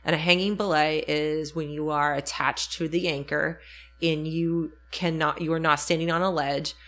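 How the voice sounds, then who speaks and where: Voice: medium pitch, level tone, moderate pace, a bit bright. A speaker in casual chat, telling a story reflectively with frequent ums and self-corrections.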